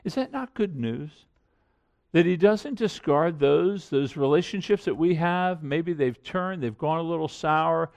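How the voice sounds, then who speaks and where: A man's voice: on the high side, animated, a little slow, gravelly, a little mellow, dull audio. A middle-aged man preaching a sermon in an earnest, conversational way, building to emphatic points. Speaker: pastor.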